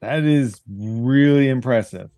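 A man's voice: medium pitch, takes it slowly, mellow, dry recording. A man running a tabletop game as game master, vividly setting scenes and encouraging the players.

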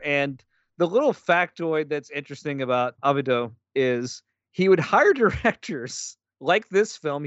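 A man co-hosts a casual film podcast, dropping wry asides and film trivia at an easy pace. His voice sits a little high. The recording is dry and somewhat dull. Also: fairly bright tone, no room sound. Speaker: podcast co-host.

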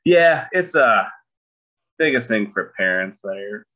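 A middle-aged man with a fairly low but bright, forceful voice chats on a podcast. He makes dry jokes and halts often with fillers. His audio sounds dull and lo-fi. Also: lively intonation, slow pace. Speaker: podcast co-host. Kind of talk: casual chat.

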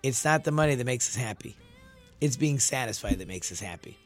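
A man's voice: medium pitch, animated, fairly quick, faint music behind. A man, a rabbi hosting a talk show, telling a story animatedly with frequent restarts. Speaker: rabbi and radio show host.

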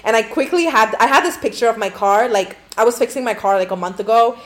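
A woman's voice: fairly high pitch, fast. A young adult woman telling a story to camera in a casual storytime style, swearing a lot and saying "like" constantly. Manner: profane, rambling, heavy use of "like".

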